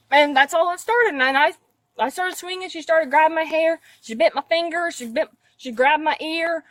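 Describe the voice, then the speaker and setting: Upset nineteen-year-old woman, higher voice. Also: normal speed, a bit bright, dry recording, poor audio. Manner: emphatic, upset, blunt swearing. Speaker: witness in a police call. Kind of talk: agitated recounting of a fight. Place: outdoors at a residence. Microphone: officer's body camera.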